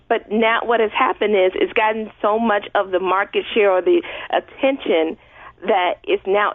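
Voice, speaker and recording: A woman's voice: medium pitch, no echo. A woman guest talking in a chatty way with many fillers on a casual radio interview. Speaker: guest blogger. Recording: dry tinny phone-like line.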